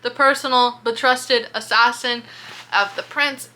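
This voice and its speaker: Bright, chatty woman reviewing a book. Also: a little high, measured pace. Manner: animated, chatty, swears casually, many fillers. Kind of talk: casual book-review vlog.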